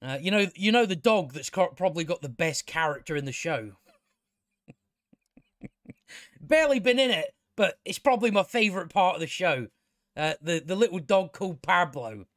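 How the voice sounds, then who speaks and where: A man's voice: a little high, lively intonation, a little fast, fairly bright tone, dry recording, clean studio sound. A man giving a casual, sarcastic and exasperated spoken review of a TV show, swearing often.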